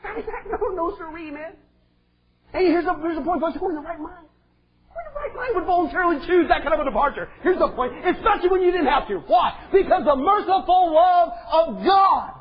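A male preacher delivering an impassioned sermon, swinging between shouted lines and quiet asides. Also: extremely high pitch, animated, fairly quick. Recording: dull lo-fi sound.

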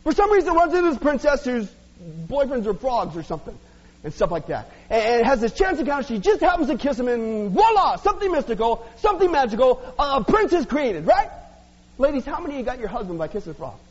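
Man preaching fast, wisecracking sermon, long reverb in a church hall. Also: very high-pitched, sing-song, slightly rough, highs cut off. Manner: jokey, sarcastic preaching to the congregation. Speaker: pastor.

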